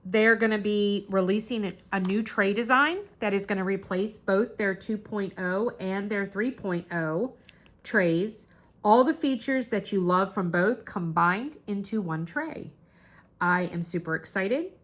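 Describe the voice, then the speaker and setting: Woman, casual crafting vlog chat, bubbly, gushing, mid-pitched voice. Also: measured pace. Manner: bubbly, gushing, squeals when excited. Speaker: crafting vlogger.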